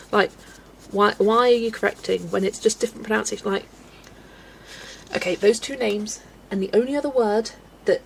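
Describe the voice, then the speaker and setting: Chatty woman, gravelly voice. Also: medium pitch, a little hiss or hum, poor audio. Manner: chatty, laughs often, animated rants. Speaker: colouring livestream host. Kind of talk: casual live-stream chat while colouring.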